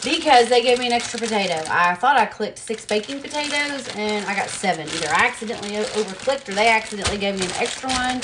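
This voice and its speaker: A woman's voice: mid-range voice, expressive, fast, hardly any pauses, noisy background. Chatty woman cooking at home. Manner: chatty, talks to herself while working, laughs at herself. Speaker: cooking vlogger. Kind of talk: casual cooking demo chat. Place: home kitchen.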